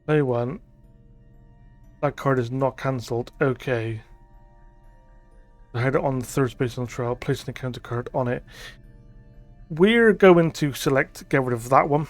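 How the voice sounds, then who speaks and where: A man's voice: medium pitch, measured pace, long pauses, soft background music. A man giving thinking-aloud commentary as he plays a digital board game, reading card text aloud and musing with frequent ums.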